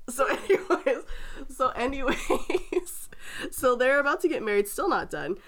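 A woman in casual chat, retelling a fairy tale with frequent giggles and animated storytelling. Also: high voice, measured pace.

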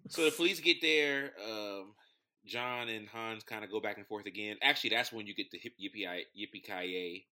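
A man's voice: on the low side, moderate pace, bright, forceful tone. A man co-hosting a podcast, casually recapping a movie plot in a rambling, joking way. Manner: rambling storyteller, loose and joking. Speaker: podcast co-host.

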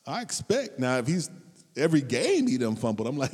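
A man delivers a relaxed, humorous sermon in a mellow, dark-toned voice. He bursts into high, loud exclamations for his stories and falls back to soft, low asides. A long reverb from the hall trails his words. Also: a little fast, breathy edge. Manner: animated, swings between loud high outbursts and low asides, laughs often. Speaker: preacher.

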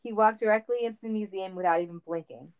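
A woman's voice: mid-range voice, fast talker, clean tone, rough recording. Playful woman reading a comic story. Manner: playful, laughing.

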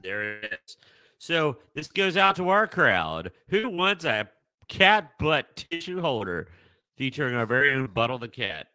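Casual male co-host, unhurried and bouncy, bright clear tone, giggles through it. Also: medium pitch, big pitch swings, no echo. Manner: laughs often, playful. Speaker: podcast co-host. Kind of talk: casual chat.

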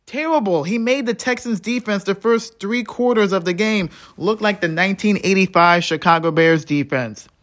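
A man hosting a solo sports podcast, ranting in frustration, swearing freely and swinging between low mutters and heated outbursts. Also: a bit bright. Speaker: podcast host.

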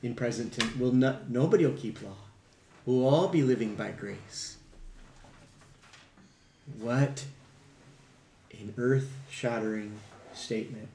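A man's voice: mid-range voice, slow pace, long pauses, mellow. A man teaching a conversational Bible study, reading verses aloud and asking the group questions with emphasis. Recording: echoey room with faint background hum.

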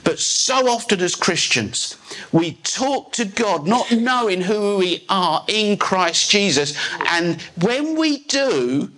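A pastor preaches live to his church, a man with a fairly high voice and a bright, forceful edge. He drives each point home in emphatic, declarative sentences. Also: very animated, slow pace. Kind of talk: live sermon. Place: church service.

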